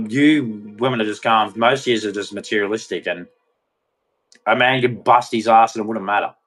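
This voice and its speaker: Man, heated rant to camera; blunt, agitated, swings from loud outbursts to low muttering. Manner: agitated, blunt, mocks others in shrill mimicry.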